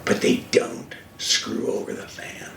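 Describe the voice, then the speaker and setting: An older man, a guest and racing TV commentator, telling stories emphatically in a casual fireside conversation, recorded from a distance in an echoey room. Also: measured pace. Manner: animated, emphatic storytelling. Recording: echoey room, distant mic, faint hiss.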